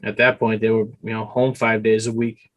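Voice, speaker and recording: A man's voice: on the low side, little pitch movement, moderate pace, lo-fi sound. A man co-hosting a podcast, telling stories in a rambling, casual way with many restarts. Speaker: podcast co-host. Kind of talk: casual chat.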